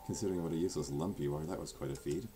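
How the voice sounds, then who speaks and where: A man voicing a proud, sharp-tongued teen girl from a visual novel, earnest and sarcastic by turns, often dropping to a whisper. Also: a bass voice, very fast, voice pushed down. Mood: teasing. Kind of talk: fan voice acting of a visual novel.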